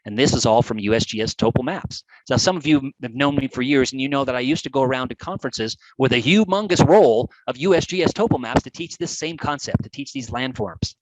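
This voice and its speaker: A man giving a lively live webcast presentation on geography, chatty and animated. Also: medium pitch, a little fast, hardly any pauses, dry recording, rough recording. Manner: animated, chatty, with playful put-on voices. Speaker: GIS educator presenting a webcast.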